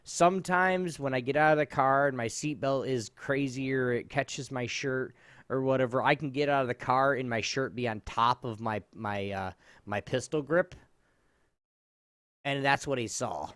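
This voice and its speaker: This is a man in his thirties co-hosting a laid-back comedy podcast, his medium-pitched voice smooth and moderately paced in a dry recording. He tells a story with animation, swearing freely and laughing often.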